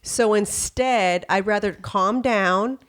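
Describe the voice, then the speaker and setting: Taking things slowly, a Texan podcast host speaks in a smooth, slightly bright mid-range voice. Her talk is casual and frank, full of filler phrases, with bits of dialogue acted out in quoted voices.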